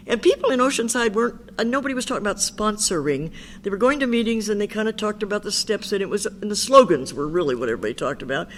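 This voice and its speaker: A woman's voice: medium pitch, quick pace. An older woman speaking at an Al-Anon meeting, telling her story candidly and chattily, often quoting what others said to her. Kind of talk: personal recovery talk.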